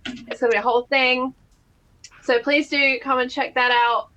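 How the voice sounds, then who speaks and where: A woman tabletop game player chatting in an upbeat, quick way. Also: high voice, fairly even intonation, sharp tone, a little hiss or hum. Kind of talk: casual chat about a tabletop game.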